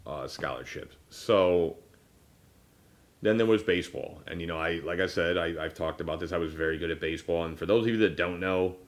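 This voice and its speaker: A deep-voiced man in his thirties talks briskly while hosting a casual podcast about personal matters. He rambles, piling up fillers and restarting sentences, and now and then gets choked up.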